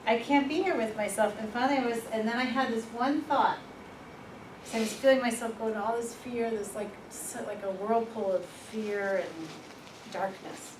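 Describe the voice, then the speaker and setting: A woman presenting a workshop, telling personal stories in a lively, informal way and laughing at herself. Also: a little high, moderate pace. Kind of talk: personal storytelling in a workshop talk. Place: workshop room. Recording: echoey room, far from the mic, noisy.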